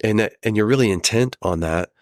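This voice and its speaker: A man with a low voice speaks in an earnest, measured way, like a guest in a podcast interview. He sometimes acts out the lines of people he quotes. The sound is close and dry, with no room echo. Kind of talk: reflective conversational interview.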